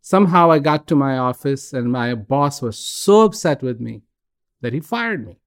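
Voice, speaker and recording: A man's voice: mid-range voice, animated, moderate pace, natural voice. A man voicing a despairing man at a bar, telling his troubles in a rambling, pleading way.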